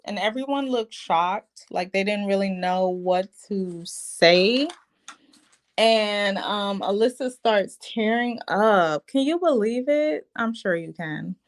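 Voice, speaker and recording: A woman recapping a reality show episode in a chatty, opinionated, slangy way. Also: a little high. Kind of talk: casual show recap commentary.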